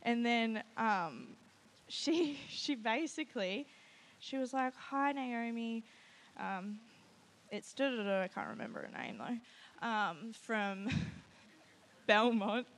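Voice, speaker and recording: A woman giving a personal testimony to a church group, telling her story in an animated way and often quoting herself. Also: a little high, slow. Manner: nervous and laughing at times. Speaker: testimony speaker at a church gathering.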